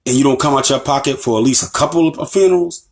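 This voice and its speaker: A man's voice: medium pitch, fast talker. An American man giving an impassioned lecture as an Islamic teacher, emphatic and repetitive, with rhetorical questions to his listeners. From United States. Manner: emphatic, repeats phrases, asks the audience rhetorical questions.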